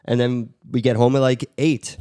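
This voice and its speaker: A man's voice: mid-range voice, level tone, normal speed, mellow, clean tone, no echo, studio quality. A man hosting a casual podcast with his brothers, laughing often and swearing freely as he talks. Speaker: podcast host.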